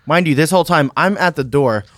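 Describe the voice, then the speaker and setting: A man's voice: fairly high pitch, brisk, a bit bright, dry recording, studio quality. A man in casual chat, cutting in to add details to a shared story.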